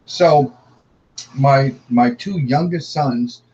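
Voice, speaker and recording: A middle-aged man recounting his family's paranormal experiences as a guest, halting and repeating words as he tells it. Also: mid-range voice, dark tone, highs cut off.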